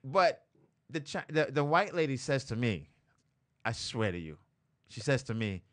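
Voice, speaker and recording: Bright-voiced man telling stories. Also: medium pitch, unhurried. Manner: animated storyteller, laughs often, acts out quotes. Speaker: comedian guest. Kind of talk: casual podcast storytelling. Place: studio, live-streamed.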